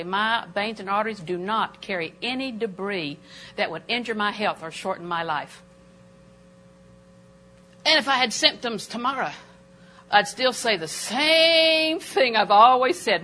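An older woman preaching a sermon in a church auditorium, animated and emphatic, with sudden jumps in pitch. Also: moderate pace.

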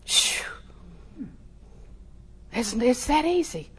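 A woman preaching a sermon in a folksy way, laughing often and repeating phrases softly. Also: high voice, lively intonation, measured pace, long pauses.

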